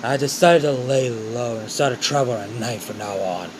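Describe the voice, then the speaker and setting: A man's voice: mid-range voice, moderate pace, a little hiss or hum, lightly acted, poor audio. A man voicing a stern villain mentor who mocks and scolds his former apprentice, calling him kiddo. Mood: taunting. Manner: mocking, scolding, calls the boy kiddo.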